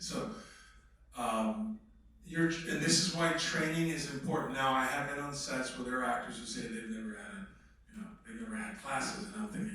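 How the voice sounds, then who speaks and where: A man's voice: a little high, normal speed, pushed and bright. A man, an actor, speaking emphatically and conversationally to a workshop audience. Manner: emphatic, conversational, slips into mock voices. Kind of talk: animated talk to a live audience. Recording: echoey room, voice from a distance.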